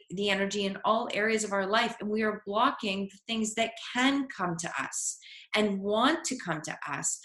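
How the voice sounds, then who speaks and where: A woman's voice: mid-range voice, fairly bright tone. A woman giving an earnest, encouraging motivational talk as a life coach, sometimes voicing an inner voice. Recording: echoey room.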